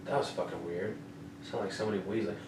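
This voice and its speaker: Speaking fast in a low, slightly mellow voice, a man hosts a laid-back fight-recap podcast, full of swearing and repeated "you know what I mean?" He records at home in a room with an air conditioner. The mic is distant, so the sound is roomy with faint noise.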